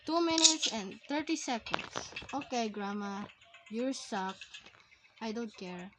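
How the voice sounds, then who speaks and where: High-voiced jumpy woman gamer. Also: expressive, slow, noisy background. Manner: jumpy, pleading and shrieking at the game. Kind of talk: horror game playthrough commentary.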